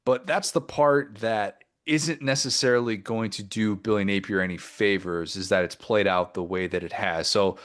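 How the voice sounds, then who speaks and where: Low-voiced man talking college football. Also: steady tone, a bit bright. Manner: wry, opinionated, drawn-out emphasis. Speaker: podcast co-host. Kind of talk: casual sports podcast chat.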